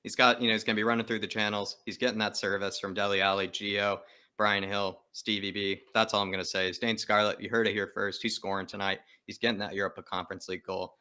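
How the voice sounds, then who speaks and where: Guy calling in to a fan show, lowish voice, real passionate and emphatic. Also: flat delivery, fast talker, bright, forceful tone. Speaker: guest caller. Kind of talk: casual chat.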